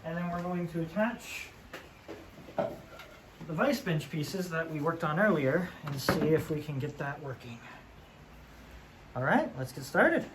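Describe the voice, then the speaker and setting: With lively intonation and long pauses, a DIY host speaks a little slowly in a mid-range voice. Building in a noisy workshop, they joke, chat casually and think out loud in a how-to manner.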